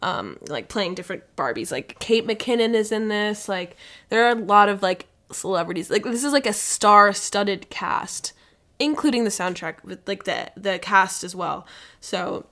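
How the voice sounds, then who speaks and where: A woman's voice: medium pitch, lively intonation, moderate pace, fairly bright tone. A young adult woman co-hosting a podcast, chatting casually and filling her talk with "like.". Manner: chatty, lots of "like" fillers. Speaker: podcast co-host. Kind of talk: casual chat.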